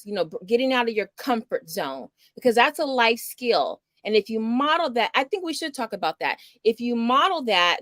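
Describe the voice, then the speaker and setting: Chatty woman, bright and upbeat. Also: fairly high pitch, no room sound. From Houston, Texas. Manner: chatty, upbeat, rambling with fillers. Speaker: homeschool livestream host. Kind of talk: casual livestream chat. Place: small home studio.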